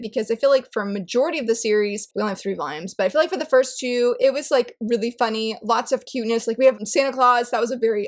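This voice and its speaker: A woman reviewing manga in a casual video from her desk at home, gushing and enthusiastic with big swings in her voice. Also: high-pitched.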